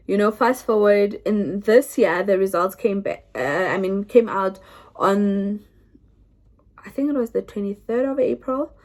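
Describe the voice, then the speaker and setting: Chatty South African woman vlogger. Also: medium pitch. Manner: chatty, restarts often, lively retelling. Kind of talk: casual storytelling to camera.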